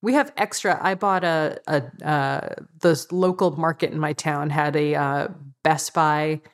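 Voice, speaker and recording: A woman's voice: low voice, fairly even intonation, measured pace. A woman co-hosting a podcast in casual chat, bubbly and often laughing. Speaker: podcast co-host.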